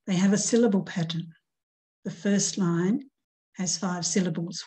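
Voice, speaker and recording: A woman teacher giving a recorded grammar lesson, reading example poems aloud and counting out syllables deliberately. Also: lowish voice, fairly even intonation, dark tone, rough recording.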